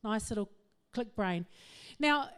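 A middle-aged woman, giving a humorous, self-mocking talk to an audience in an animated storytelling manner. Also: medium pitch, takes it slowly, clean tone. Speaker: speaker.

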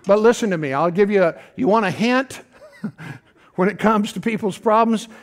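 Middle-aged pastor guy, pretty high voice, folksy sermon full of asides. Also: moderate pace. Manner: folksy, animated preaching with rhetorical asides.

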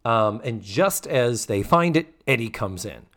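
A man in loose conversation on a podcast, walking through a TV episode scene by scene. He talks in an animated way and lifts his voice to play out the characters' lines. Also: medium pitch, a little slow. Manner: animated, acts out quoted lines in a raised voice. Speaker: podcast co-host. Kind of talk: casual chat recapping a TV episode.

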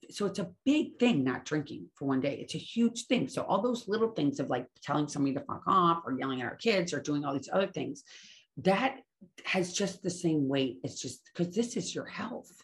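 A woman's voice: deep voice, lively intonation, normal speed. A woman speaking casually and earnestly about staying sober, often trailing off and correcting herself as she goes. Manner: earnest, rambling, self-correcting. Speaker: recovery speaker. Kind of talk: casual spoken talk on sobriety.

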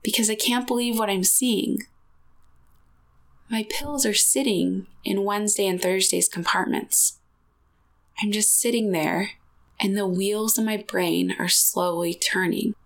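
A woman's voice: medium pitch, fairly even intonation, measured pace, vocal fry. A woman host in her thirties candidly telling a personal story on her podcast. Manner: candid, emotional, confessional.

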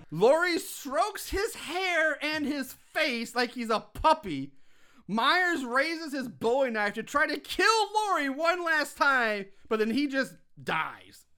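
A man's voice: extremely high pitch, big pitch swings, slow pace, sharp tone. A man co-hosting a casual chat, recapping a film with profanity and laughter, acting out quotes with big swings in voice. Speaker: podcast co-host recapping a film.

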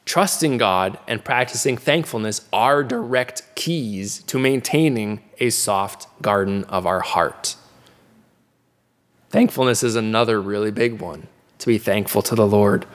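A man preaches in an earnest, conversational way, slowing down to press his key questions. His voice sits at a middle pitch. A long reverb trails behind him, as in a large hall. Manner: earnest, conversational teaching with restarts and slow emphatic repeats. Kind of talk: sermon.

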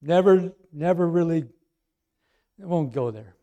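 A male pastor preaching a sermon, swinging from loud emphatic lines to soft quiet asides. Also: on the high side, measured pace, lo-fi sound.

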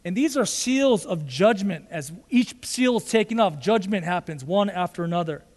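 A male pastor delivers an emphatic sermon, driving his points home with repeated rhetorical questions. His voice sits very high for a man. It rings out with a long reverb, as if in a large church sanctuary. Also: lively intonation, normal speed, darkish tone.

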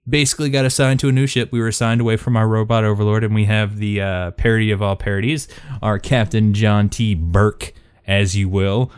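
Brief: rambling, jokey host of a game podcast, lowish smooth voice. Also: male voice. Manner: joking, rambling, loose. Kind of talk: casual chat.

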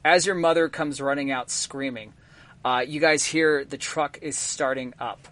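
This is a man running a tabletop game as its master, setting scenes and calling for rolls. He speaks in a slightly raised pitch and pauses often to fill with ums and uhs. The sound is close and dry, with no room around it. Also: steady tone, a bit bright, no room sound. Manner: halting, full of ums and uhs.

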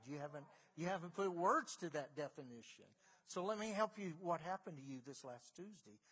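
Husky-voiced man preaching a sermon. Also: on the high side, a bit bright. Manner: conversational, storytelling, rising to emphatic bursts. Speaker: pastor.

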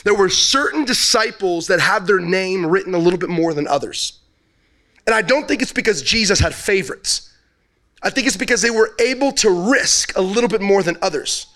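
High-voiced casual storytelling preacher, male. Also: a bit bright. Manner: casual storytelling preacher who asks the audience questions. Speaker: pastor. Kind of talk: sermon.

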